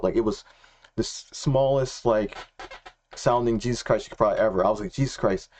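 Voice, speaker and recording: A young man telling a personal faith story in a casual, excitable way, slangy and repeating himself. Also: medium pitch, a little hiss or hum. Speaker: Christian vlogger.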